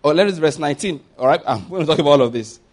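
A man preaching a sermon, reading scripture aloud slowly and with rising emphasis, then explaining it briskly and addressing the congregation directly. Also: fairly high pitch, expressive, a little mellow. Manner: addresses the congregation directly, asking them to repeat words. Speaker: pastor.

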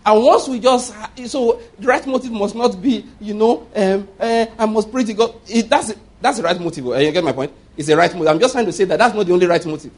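A man's voice: sits high, fairly quick, hardly any pauses, slightly rough. A man in his fifties preaching a sermon with emphasis, repeating his points and checking that listeners follow.

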